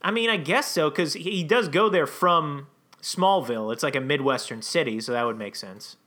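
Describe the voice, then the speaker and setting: A man's voice: on the high side, expressive, normal speed, bright, forceful tone. A man co-hosting a podcast in casual chat, giving wry, grumbling opinions. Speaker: podcast co-host.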